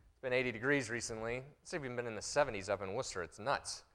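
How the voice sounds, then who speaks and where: A middle-aged man preaching a sermon as pastor, swinging between loud impassioned passages and quiet, intimate ones. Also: medium pitch, fast talker.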